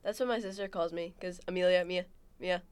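A young woman chatting and teasing her friends in a casual group podcast, animated and quick to react. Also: on the low side, smooth.

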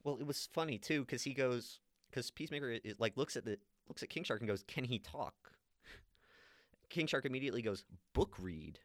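A man's voice: mid-range voice, fast, no room sound, studio quality. A man chatting casually as a podcast co-host, retelling movie scenes and quoting the characters. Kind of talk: casual chat recapping a movie.

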